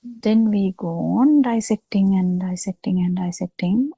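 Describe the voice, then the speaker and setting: A woman giving a Buddhist talk over a video call, speaking slowly with halting pauses and fillers. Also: mid-range voice, mellow, breathy edge, no room sound, rough recording. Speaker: Buddhist teacher.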